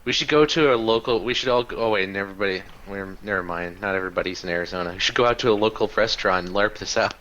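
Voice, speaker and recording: A man's voice: lowish voice, very fast, few pauses, fairly bright tone. A man at a tabletop game, chatting and trailing off mid-thought. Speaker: player. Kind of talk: casual chat. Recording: dull lo-fi recording with faint noise.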